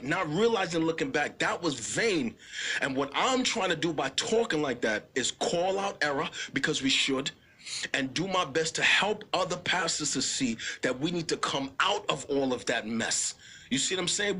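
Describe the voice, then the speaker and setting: A man with a slightly higher voice talks as a guest in a casual interview, earnest and openly personal. His speech keeps rising into preacher-style appeals, and he drops in "bro" as he goes. A faint hiss runs under the recording. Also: bright, forceful tone. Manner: informal, keeps calling the listener "bro". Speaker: pastor, podcast guest. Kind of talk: casual conversation.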